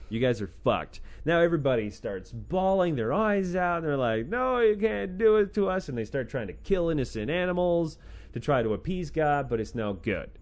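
A man tells ancient stories in an irreverent, casual way, swearing freely and slipping into mocking quoted voices. His pitch swings widely from low asides to high exclamations, sitting at an ordinary middle register. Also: normal speed. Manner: profane, sarcastic, animated with acted-out quotes. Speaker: podcast host retelling a scripture book.

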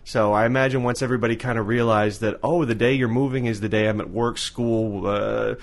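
A man's voice: on the low side, fairly even intonation, brisk, creaky. A man co-hosting a podcast in casual chat, rambling and restarting his sentences. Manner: rambling, repeats words when starting sentences. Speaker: podcast co-host.

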